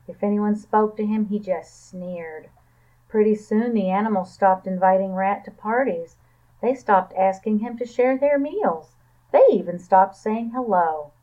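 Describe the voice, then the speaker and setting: A woman librarian reading a children's picture book aloud in a calm, even storytelling manner. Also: mid-range voice, unhurried. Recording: tinny phone-like sound.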